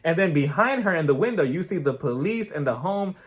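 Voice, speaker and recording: A man recapping a TV episode in a casual vlog, animated and acting out scenes. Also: a little high, brisk, breathy edge. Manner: animated storytelling, acting out others, frequent laughter. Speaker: TV episode reviewer.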